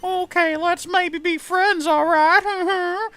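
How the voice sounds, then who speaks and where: A man putting on the squeaky, sing-song voice of a cheery, friendly little boy from a video game. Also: steady tone, takes it slowly, sharp tone, exaggerated voice. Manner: squeaky, exaggerated, playful.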